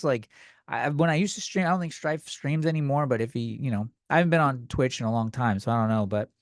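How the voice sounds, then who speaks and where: A man's voice: medium pitch, fast talker, no room sound, studio quality. A man hosting a comedy podcast, talking bluntly with lots of swearing, rambling and restarting his sentences. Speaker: podcast host.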